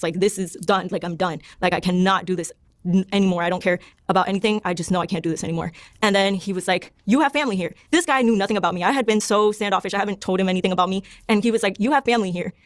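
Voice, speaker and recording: A young woman from Panama tells her testimony as a podcast guest. She talks fast and rambles, stacking "like" and quoting her own past thoughts. Her voice sits at an average pitch, recorded dry and close. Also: fairly even intonation, no room sound. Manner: rambling, heavy use of "like", self-quoting. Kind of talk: personal testimony storytelling.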